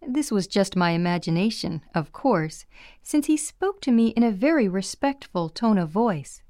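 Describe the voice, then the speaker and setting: A woman reading a first-person memoir aloud in a measured, plain storytelling manner. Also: medium pitch, lively intonation, dark tone, dry recording, clean studio sound. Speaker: audiobook reader.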